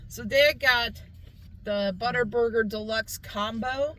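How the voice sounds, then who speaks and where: Chatty high-voiced woman vlogger. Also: takes it slowly, a bit bright, low-quality recording. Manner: chatty, upbeat, keeps calling the viewers "guys". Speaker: vlog host. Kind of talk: casual food review chat. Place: inside a parked car.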